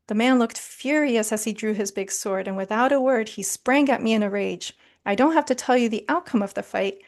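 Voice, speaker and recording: A woman's voice: on the high side, lightly acted. A woman reading aloud the testimony of a proud, boastful male bandit from a story, lightly dramatized.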